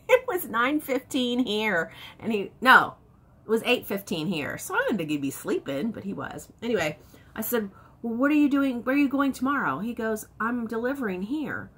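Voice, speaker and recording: A woman in her fifties chatting to camera in a casual vlog, telling stories with excitement. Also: fairly high pitch, normal speed, breathy edge. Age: 50s. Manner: excitable, animated storytelling with laughs. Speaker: vlogger.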